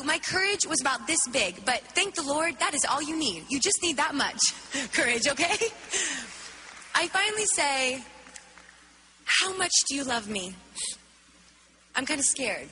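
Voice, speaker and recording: A woman giving an animated spoken testimony, acting out her own reactions as she tells the story. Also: very high voice, big-room sound. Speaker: worship leader telling a testimony.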